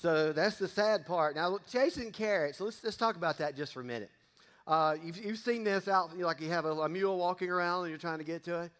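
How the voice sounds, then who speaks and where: A man's voice: high-pitched, brisk, fairly bright tone. A middle-aged man, giving a casual sermon, folksy and joking with the congregation. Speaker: pastor. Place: church sanctuary. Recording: long reverb of a church hall.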